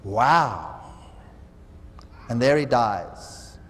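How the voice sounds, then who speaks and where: Male seminar preacher, high lively voice, dramatic parable-teller; long hall reverb. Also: moderate pace. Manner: dramatic storytelling, acts out quoted voices. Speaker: seminar speaker. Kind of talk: sermon. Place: large hall.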